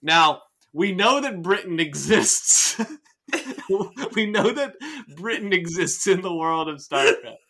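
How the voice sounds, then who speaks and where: A man's voice: high voice, lively intonation, takes it slowly, pushed and bright. A man hosting a casual podcast, rambling and joking, with frequent swearing and restarts as he picks apart a novel. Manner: rambling, jokey, swears often, many restarts. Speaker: podcast host reading and analyzing a novel.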